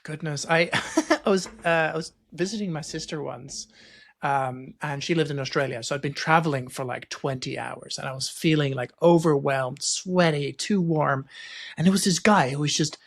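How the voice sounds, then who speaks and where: A man hosting a podcast interview in a casual conversational way, telling stories with lively acted-out quotes. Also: on the high side, normal speed, gravelly. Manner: lively storyteller, acts out quoted lines. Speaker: podcast host.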